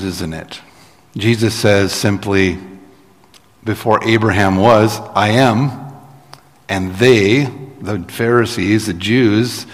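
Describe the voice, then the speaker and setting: A man's voice: on the low side, in a large hall. A man preaching a sermon in a conversational, explaining manner with asides to the congregation. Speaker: pastor.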